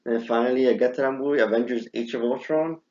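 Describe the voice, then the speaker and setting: A young man hosting a casual chat, telling stories with lively bursts as he acts out his own reactions. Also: medium pitch, fast. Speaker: podcast host. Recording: muffled lo-fi recording.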